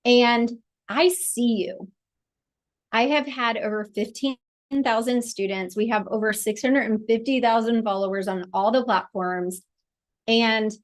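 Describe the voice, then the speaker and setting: A middle-aged woman, a childbirth educator, teaching a live online class in a chatty, encouraging way over a video call. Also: on the high side.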